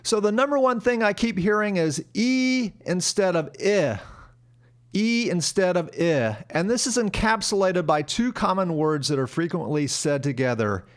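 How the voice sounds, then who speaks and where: A man with a fairly high voice gives a casual pronunciation lesson. He talks frankly and repeats example words slowly so each sound can be heard. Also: lively intonation. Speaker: English pronunciation teacher. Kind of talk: casual instructional monologue.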